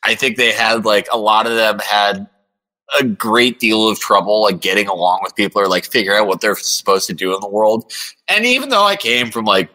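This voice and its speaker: A man's voice: lowish voice, brisk, sharp tone, poor audio. A man talking as a podcast guest in casual chat, rambling with lots of fillers and swearing.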